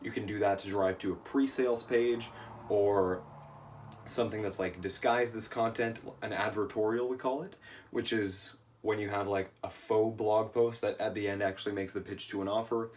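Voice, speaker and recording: Tired male coach, low-pitched and worn, casual explainer, recorded a little off-mic. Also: fairly even intonation, normal speed, distant mic, slight background noise. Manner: casual, says "right?" often. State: tired, voice shot. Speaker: email marketing coach. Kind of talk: casual video lesson.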